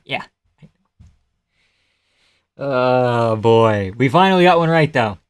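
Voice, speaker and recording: A man's voice: medium pitch, lively intonation, slow, clear, resonant tone. A young man hosting a live fight reaction stream, reading chat aloud, swearing and laughing often as he jokes. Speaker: livestream host.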